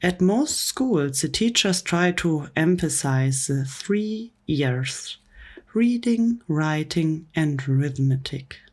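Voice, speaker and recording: A woman reading a comic book story aloud in a soft, gentle whispered role-play for bedtime. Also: low-pitched, expressive, slow, few pauses. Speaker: ASMR storyteller.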